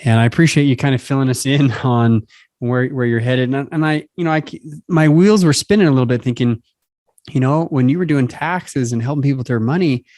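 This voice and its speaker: A man's voice: mid-range voice, fairly quick, a little mellow, no room sound, studio quality. A man hosting an interview podcast, talking with his guest in a friendly, loosely rambling way. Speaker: podcast host.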